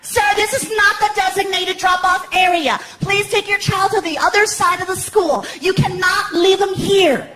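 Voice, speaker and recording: A man putting on the voice of a stern woman school principal, with a shrill, nagging tone. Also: steady tone, moderate pace, hardly any pauses, bright, forceful tone, roomy sound, soft background music. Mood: scolding.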